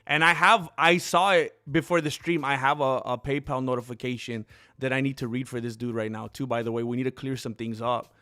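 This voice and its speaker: A man hosting a casual livestream, chatting in a rambling, excitable way and calling viewers dude and bro. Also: mid-range voice, brisk. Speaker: streamer host.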